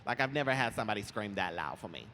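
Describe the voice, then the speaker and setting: A young man chatting as an interview guest on a convention stage, animated and quick to laugh, telling his stories with lively put-on voices. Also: fairly low pitch, slight background noise. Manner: animated, giggly, lively storytelling. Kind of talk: casual chat on stage. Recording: roomy hall with faint ambience.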